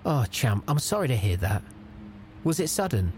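Exasperated podcast host. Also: male voice, mid-range voice, sing-song, normal speed, darkish tone, a little hiss or hum. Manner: patient, exasperated straight man. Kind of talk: scripted comedy podcast hosting.

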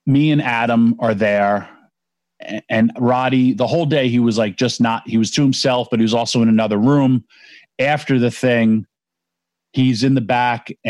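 A man's voice: medium pitch, a little mellow, no echo. A man in his forties casually telling a long, emotional anecdote, rambling with restarts and acting out other people's voices.

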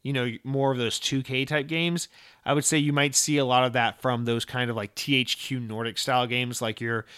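A young man hosting a casual gaming podcast, chatting in a rambling, excitable way with lots of swearing and restarts. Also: medium pitch, normal speed, clear, resonant tone, no echo, studio quality. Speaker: podcast host. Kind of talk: casual solo podcast chat.

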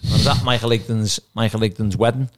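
A man's voice: lowish voice, fairly even intonation, quick pace. A man, a former footballer turned manager, telling career stories in a casual podcast chat and acting out the dialogue. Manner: chatty anecdotes, acts out quoted dialogue.

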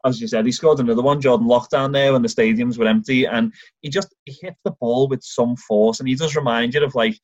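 Irish male podcast co-host, lively storyteller, dull lo-fi recording. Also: medium pitch, fairly quick, no room sound. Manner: enthusiastic, animated storytelling with acted-out quotes. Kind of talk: casual football chat.

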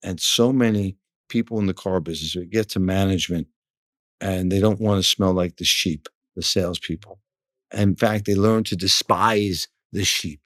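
Blunt, low-voiced man in a dry room. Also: normal speed, fairly bright tone, no room sound. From New York area. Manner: blunt, frank, repeats words when starting sentences. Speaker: car dealership general manager, guest. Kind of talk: casual interview talk.

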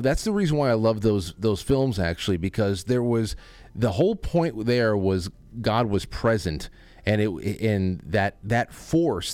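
A man's voice: on the low side, a little mellow, no echo. A man hosting a casual talk show, rambling and joking with frequent restarts. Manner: rambling, restarts often, jokey. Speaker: host. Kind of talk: casual chat.

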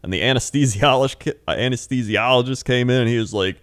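A man's voice: medium pitch, fast, a bit bright, no room sound, clean studio sound. A young man in casual podcast chat, telling rambling stories and laughing often. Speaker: podcast co-host.

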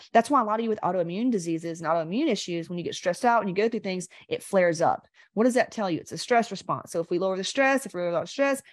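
A woman's voice: lowish voice, no room sound. A middle-aged woman hosting a health podcast, talking casually and bluntly, swearing and rambling as she coaches her listeners directly. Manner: speaks straight to listeners. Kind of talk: casual unscripted coaching talk.

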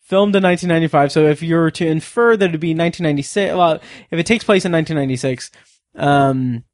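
A man's voice: on the high side, quick pace, no room sound, studio quality. A man co-hosting a podcast in casual chat, rambling with lots of fillers and restarts. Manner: rambling, many fillers and restarts, laughs often. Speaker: podcast co-host.

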